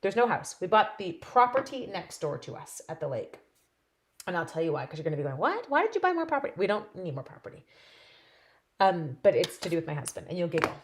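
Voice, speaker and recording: A woman's voice: on the low side, animated, fairly quick. A woman demonstrating stamping on a livestream, chatting casually and giggling as she answers viewers while she works. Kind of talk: casual live-stream chat while crafting.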